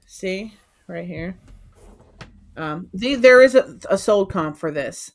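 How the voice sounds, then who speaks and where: A woman's voice: mid-range voice, lively intonation, takes it slowly. A woman co-hosting a casual live stream, playful and laughing as she keeps urging viewers on. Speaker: co-host of a live resale stream.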